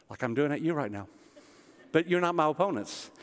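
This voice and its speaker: A man delivering a sermon, his fairly high voice rising into loud, emphatic preaching and then dropping into quiet, chatty asides. His words ring out with a long reverb from a church hall. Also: lively intonation, brisk, long pauses. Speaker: pastor.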